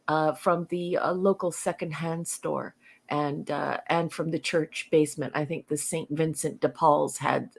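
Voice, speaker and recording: A woman co-hosting a casual live stream, speaking earnestly with many pauses and fillers. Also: deep voice, vocal fry, breathy edge. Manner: earnest, hesitant, lots of fillers. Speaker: co-host.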